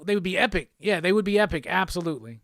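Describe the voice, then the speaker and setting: A laid-back man hosts a casual live stream and reads out viewer comments between easy laughs. His voice sits fairly high for a man. The sound is close and dry, with no room around it. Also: lively intonation, fairly bright tone, dry recording. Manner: laid-back, chatty, quick laughs, reads chat aloud. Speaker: host of a live pop culture show.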